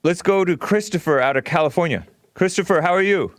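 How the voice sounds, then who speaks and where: A man's voice: sits high, a little fast, dry recording, clean studio sound. A man hosting a call-in radio talk show, blunt and provocative, often laughing as he argues with callers.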